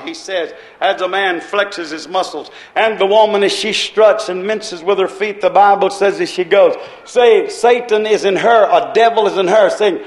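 A high-pitched man preaches with fervor. He stretches out his scripture quotes and climbs into shouts. The room behind him rings with a roomy echo. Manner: impassioned preaching, rising to shouts, drawn-out quotes. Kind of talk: sermon. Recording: echoey room.

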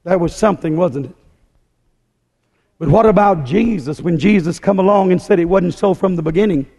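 Guy preaching hard in a church hall, high voice, hammers every point over and over, long echo. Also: normal speed, mellow. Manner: emphatic, repetitive, hammering delivery. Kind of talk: fiery sermon.

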